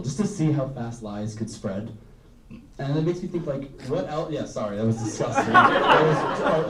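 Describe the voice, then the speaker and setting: A man's voice: medium pitch, warm tone. A young man doing a stand-up comedy set, rambling and self-deprecating, full of "um" and "like". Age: young adult. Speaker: student stand-up comic. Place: live comedy room with audience. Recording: roomy, distant live recording.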